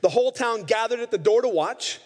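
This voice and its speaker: A man's voice: very high voice, expressive, a little fast. A man preaching a sermon, retelling scripture stories and acting out the quoted lines. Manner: storytelling, acts out quoted lines. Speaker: pastor. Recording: long hall reverb.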